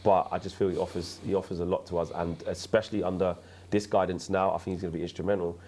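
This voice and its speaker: Low-voiced man thinking aloud. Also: quick pace, a little hiss or hum. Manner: relaxed, thinks aloud, hesitant restarts. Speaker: host. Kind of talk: casual football chat.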